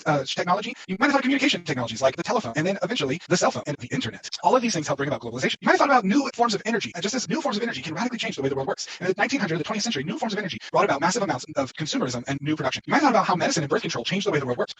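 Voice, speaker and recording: A man teaching a scripted exam-review lesson, fast and emphatic. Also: on the high side, husky, dry recording. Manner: fast, lively, emphatic delivery. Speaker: history teacher.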